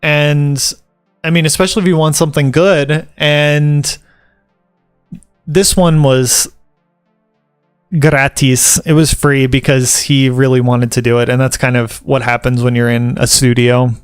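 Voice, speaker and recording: A man's voice: medium pitch, little pitch movement, unhurried, clean tone, no echo, studio quality, faint music behind. Rambling, joking man from the American South. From Southern United States. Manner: rambling and joking, reads article points aloud and riffs on them. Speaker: vlogger and tattoo apprentice. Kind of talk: casual chat to camera.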